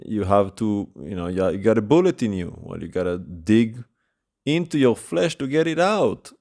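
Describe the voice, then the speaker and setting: A man preaching a sermon, retelling stories in a lively, conversational way with emphatic rises in his voice. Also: on the low side, moderate pace.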